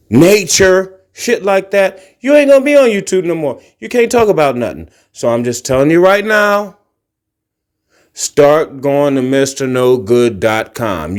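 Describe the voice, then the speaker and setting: A middle-aged man from Ohio rants as a podcast host, blunt and full of profanity. His voice sits slightly high for a man and swings widely in pitch as he gets worked up. He talks while walking around his carpeted apartment. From Akron, Ohio. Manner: animated ranting, profane and blunt. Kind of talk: casual monologue vlog. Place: carpeted apartment living room, walking into tiled kitchen.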